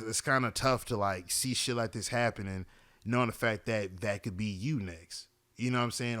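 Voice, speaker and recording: A man's voice: lowish voice, fairly bright tone, no room sound. A man hosting a podcast in a casual monologue, rambling, swearing freely and often asking "you know what I'm saying". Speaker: podcast host.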